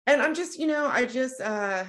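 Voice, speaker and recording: A woman talking casually as a guest on a live-stream chat, chatty, with restarts and quick laughs. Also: sits high, lively intonation, a bit bright. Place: Austin, Texas.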